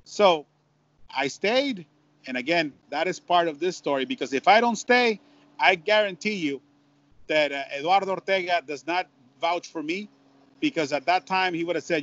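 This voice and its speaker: A man, a baseball broadcaster, telling a story in an interview with lively repetitions and Spanish phrases. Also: a little high, moderate pace, lo-fi sound. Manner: animated, repeats words, mixes in Spanish phrases. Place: at home.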